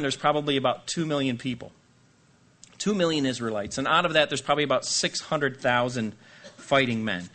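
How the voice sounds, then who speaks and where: A man preaching a sermon, reading scripture and acting out lively asides with playful voices. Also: mid-range voice. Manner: animated, jokey, acts out voices. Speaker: pastor.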